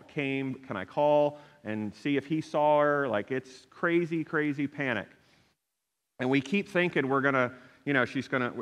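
A middle-aged man preaching a sermon, telling a personal story in an animated way and acting out the people he quotes. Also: mid-range voice. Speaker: pastor. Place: church sanctuary. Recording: long hall reverb.

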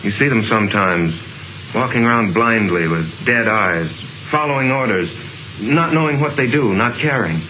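A man's voice: medium pitch, lively intonation, a little slow, sharp tone, poor audio. A man playing an earnest explainer in an old film. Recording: hissy old film audio.

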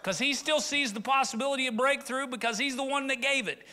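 Preacher guy, middle-aged, bright ringing voice, chatty then fired up. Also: extremely high pitch, fast talker. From rural Arkansas. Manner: conversational, builds to fervent preaching. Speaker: pastor. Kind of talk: sermon.

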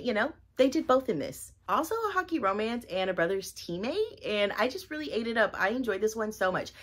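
A woman's voice: on the high side, a bit bright. A woman doing a casual reading wrap-up vlog, talking in a bubbly, gushing way and repeating words for emphasis. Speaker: book reviewer.

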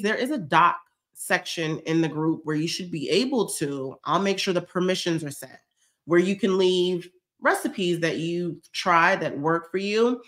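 Gal vlogger, bright tone, kinda stuffy nose, chatty and effusive, lots of y'all. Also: female voice, lowish voice. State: stuffy from a cold. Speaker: vlogger hosting a fitness check-in livestream. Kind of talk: casual livestream chat reading comments.

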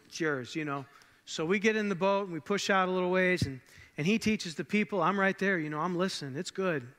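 A man playing a male fisherman disciple in the first person, telling the story in a casual, halting way, with long church reverb. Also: sits high, a bit bright. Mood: reminiscing. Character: grown male fisherman disciple, plainspoken and awestruck. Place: church sanctuary.

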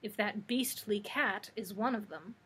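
A woman reading aloud and voicing a plump, sharp-tongued pet hen with a clear, sharp voice. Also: mid-range voice, measured pace, heavily acted. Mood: sassy. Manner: sassy and scornful.

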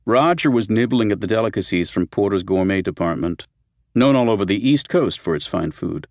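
A man's voice: on the low side, animated, brisk, no echo, clean studio sound. A man reading a horror novel aloud as an audiobook narrator, with a tense, dramatic delivery.

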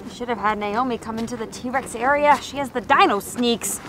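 A woman park ranger in a scripted children's video, excitable and over the top. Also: on the high side, fairly quick, background noise. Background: background music.

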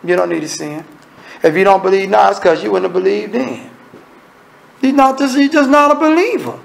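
A man preaching an evening sermon with a Southern US accent, swinging between low murmurs and emphatic high exclamations. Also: fairly quick, vocal fry, poor audio. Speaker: minister.

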